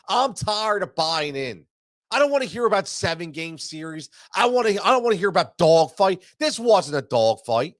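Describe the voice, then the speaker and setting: Stuffy with allergies, a man hosting a sports show vents angrily after a loss, stumbling over words and going over the same points again. His voice is high and a bit bright, captured dry in studio quality.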